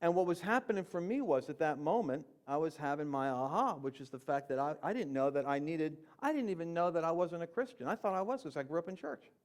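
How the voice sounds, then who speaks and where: A man telling his conversion story in a conversational, animated way, jumping from loud emphatic bursts to quiet low asides. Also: fast, hardly any pauses. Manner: conversational with fillers and slang. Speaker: Christian speaker. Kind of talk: personal testimony storytelling.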